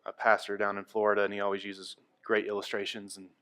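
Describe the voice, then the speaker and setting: A male pastor delivering a sermon, moving between quiet, hushed passages and loud, emphatic ones. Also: fairly low pitch, completely flat delivery, fast talker. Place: church.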